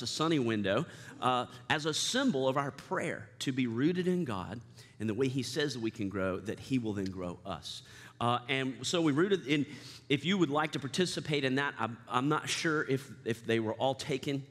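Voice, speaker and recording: A man who is lead pastor, preaching a lively, self-deprecating sermon and leading the congregation in call-and-response. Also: medium pitch. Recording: reverberant church sanctuary.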